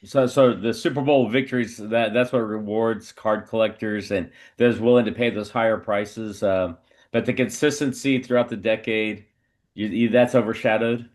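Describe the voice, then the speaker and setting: Rambling host asking questions. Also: male voice, lowish voice, steady tone, normal speed. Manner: rambling, restarts his questions. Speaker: podcast host. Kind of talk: casual podcast chat.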